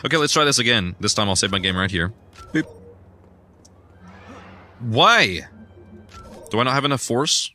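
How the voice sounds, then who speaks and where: A young man chatting casually while he plays a video game, self-deprecating and given to sudden excited yelps. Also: mid-range voice, moderate pace, pauses often, soft background music. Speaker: gaming streamer. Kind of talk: casual rambling gameplay commentary.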